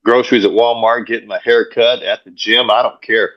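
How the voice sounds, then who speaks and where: A man, a pastor and coach, guesting on an interview show and telling stories in an energetic way, often repeating words as he goes. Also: mid-range voice, brisk. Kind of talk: casual interview storytelling. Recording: dull lo-fi sound.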